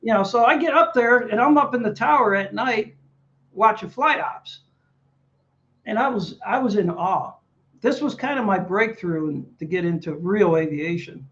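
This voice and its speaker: Guest: male veteran, high-pitched storyteller, slightly muffled lo-fi audio. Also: normal speed. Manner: animated anecdotes, acts out dialogue. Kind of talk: storytelling interview.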